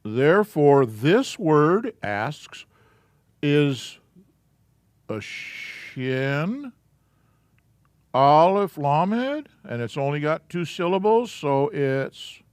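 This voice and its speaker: Male teacher, fairly high voice, slow and patient, leading a live class. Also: big pitch swings, a little mellow, smooth, no echo, studio quality. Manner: slow, patient, walking through letters step by step. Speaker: Hebrew alphabet teacher.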